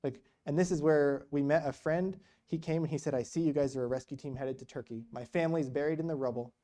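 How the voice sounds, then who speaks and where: A man's voice: a little high, steady tone, fast, dark tone. A man giving a casual storytelling talk in church about mission work, with many restarts. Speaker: guest speaker on mission work.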